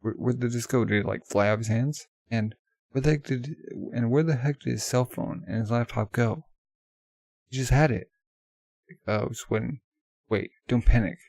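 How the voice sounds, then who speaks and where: Gravelly man reading manga aloud. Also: mid-range voice, a little fast, a little mellow, no room sound. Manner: loose, offhand delivery with many fillers. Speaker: manga reader. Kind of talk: casual manga read-aloud.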